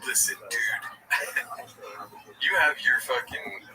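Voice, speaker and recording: A man's voice: mid-range voice, lively intonation, slow pace, recorded from a distance, a crowd in the background, low-quality recording. A man hosting a casual comedic chat, swearing freely and calling everyone dude. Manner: swearing, says "dude" a lot. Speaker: podcast host.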